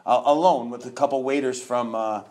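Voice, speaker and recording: A man's voice: mid-range voice, steady tone, fairly quick, darkish tone. A man in his fifties from New York, a guest telling his own story candidly, rambling with restarts and laughs.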